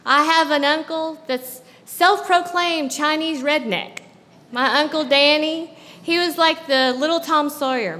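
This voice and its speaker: High-voiced woman telling stories on stage. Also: fairly bright tone, in a large hall. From American South. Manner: conversational, asks the audience with tag questions. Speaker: guest speaker. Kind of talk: personal storytelling talk on stage. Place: live show at a club venue.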